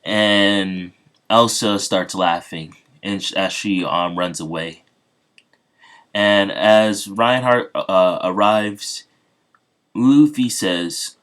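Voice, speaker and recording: Deep-voiced man, casual story retelling, rambling, lots of ums. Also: drawn-out words, a bit bright. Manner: rambling, many fillers.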